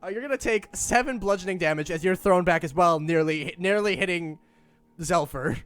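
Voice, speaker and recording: A man's voice: sits high, normal speed, fairly bright tone, faint music behind. A man running a tabletop game as game master, narrating and laughing often.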